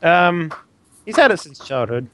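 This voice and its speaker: A man's voice: a little high, sing-song, unhurried, sharp tone. A man playing in an online tabletop game, talking casually with many fillers and restarts. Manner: rambling, hesitant, lots of fillers. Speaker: player.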